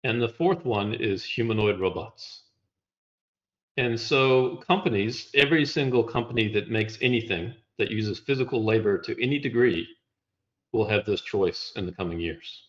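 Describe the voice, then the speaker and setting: A man walking through slides in a relaxed conversation, explaining step by step with a wry touch. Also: on the low side, normal speed, lo-fi sound. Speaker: guest presenting slides.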